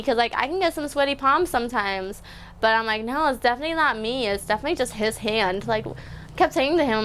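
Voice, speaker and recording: A woman in her twenties telling a story to the camera in a casual vlog, acting out quotes with squeals and excited shrieks. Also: on the high side, fast. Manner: animated, acts out quotes with squeals and screams. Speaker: vlogger.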